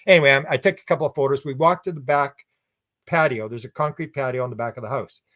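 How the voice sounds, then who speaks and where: A man's voice: medium pitch, fast talker. Man telling a rambling story. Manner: animated, rambling, acts out quoted speech. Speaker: guest researcher. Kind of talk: storytelling in a conversational interview.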